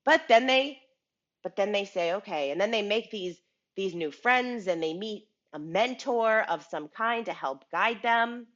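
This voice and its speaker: A woman on a business show, her medium-pitched voice a bit bright and the recording muffled, speaks at a moderate pace. Her casual motivational talk is chatty, with words restarted and repeated and the listener frequently asked "right?"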